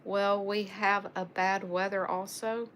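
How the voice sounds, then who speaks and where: A middle-aged woman with a Southern drawl chats through a casual livestream, calling out viewers by name and filling pauses with ums and uhs. Her pitch sits in an ordinary middle range. A faint hum of noise runs underneath. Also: little pitch movement, fairly bright tone. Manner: chatty, greets viewers by name, many fillers. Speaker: livestream host.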